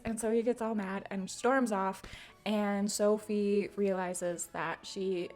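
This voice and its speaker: Chatty woman recapping a book. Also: medium pitch. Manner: chatty, many "like" fillers, laughs often. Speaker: book channel host. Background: faint music.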